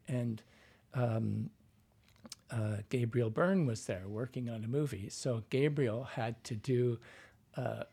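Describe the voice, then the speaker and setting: A man in an interview spins loose, rambling anecdotes about his work as a dialect coach. His voice is mellow and dark, with a husky grain. He keeps restarting and piling in fillers as he goes. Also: mid-range voice.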